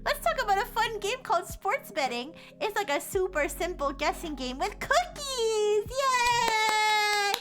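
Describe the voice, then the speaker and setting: Woman doing a sweet baby-talk explainer, high and sing-song, big pitch swoops. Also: big pitch swings, moderate pace, few pauses. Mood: cooing. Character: sugary baby-talk storyteller explaining to an infant.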